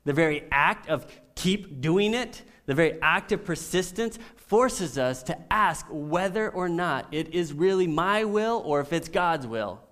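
A middle-aged man preaching a sermon as a pastor, telling stories with animation and swinging from soft to loud. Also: fairly high pitch, animated, measured pace, hardly any pauses.

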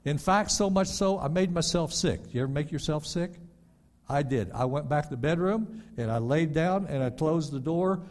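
Older man preaching, swings loud to soft. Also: expressive, moderate pace. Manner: dynamic preaching, rising loud then dropping soft and low; stammers on repeated words. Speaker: pastor. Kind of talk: sermon.

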